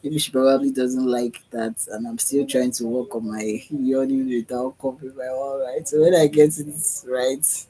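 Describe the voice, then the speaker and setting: A man's voice: mid-range voice, steady tone, moderate pace, few pauses, dark tone, rough recording. A man, talking to camera in a rambling, dreamy vlog full of repetition, sighs and yawns. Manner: meandering, dreamy, repeats himself, with yawns and sighs. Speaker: vlogger. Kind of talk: rambling spiritual self-talk vlog.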